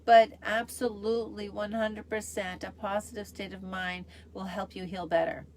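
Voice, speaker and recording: A woman's voice: medium pitch, level tone, normal speed, a little mellow, a little hiss or hum. A middle-aged woman hosting her own show, talking in an upbeat, chatty way with lots of fillers. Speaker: host. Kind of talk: casual solo show.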